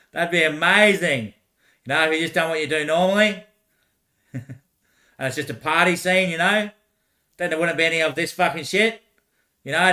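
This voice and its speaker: There's a fairly high pitch to this young man's voice as he rambles in casual conversation. He curses, laughs often, keeps repeating brief phrases, and eventually drifts off into quiet muttering.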